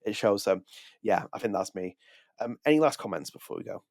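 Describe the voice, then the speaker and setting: A man co-hosting a video podcast, talking casually in a rapid, animated way with frequent restarts. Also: on the low side, no room sound, studio quality. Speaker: podcast co-host. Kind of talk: casual chat.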